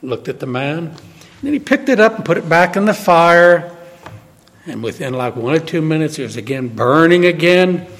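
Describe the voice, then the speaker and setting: Man, preacher, sermon, emphatic, very animated intonation, long hall reverb. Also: on the high side, moderate pace. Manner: emphatic, swinging from loud to hushed.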